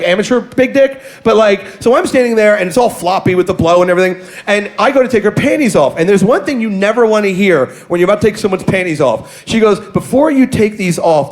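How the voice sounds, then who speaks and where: A man with a notably high speaking voice spins a raunchy anecdote for a crowd. He is brash and profane, and he keeps mocking himself as he goes. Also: animated, quick pace, hardly any pauses. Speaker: guest comedian. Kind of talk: crude storytelling for a live audience.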